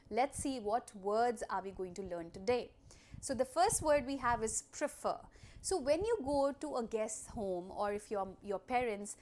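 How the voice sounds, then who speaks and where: A woman teaching young students vocabulary in a recorded lesson, explaining slowly with repeated examples and drills. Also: mid-range voice. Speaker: English teacher.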